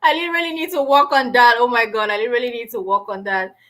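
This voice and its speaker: A middle-aged woman hosting a casual live stream, talking loudly and with lots of energy, on a built-in mic with no lapel mic. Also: fairly high pitch, brisk. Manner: loud, animated, says she is always shouting.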